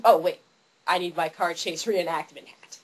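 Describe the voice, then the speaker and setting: A young woman excitedly ranting about a favorite movie, yelling and acting out scenes in funny voices. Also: lowish voice, normal speed, low-quality recording. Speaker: vlogger.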